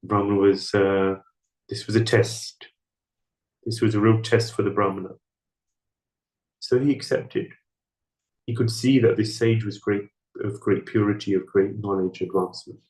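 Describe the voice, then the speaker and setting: A man's voice: steady tone, moderate pace, pauses often, darkish tone. A man giving a scripture class, telling a story in sermon style and acting out the characters' lines. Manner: storytelling, acting out dialogue with raised pitch. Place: temple hall. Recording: echoey room.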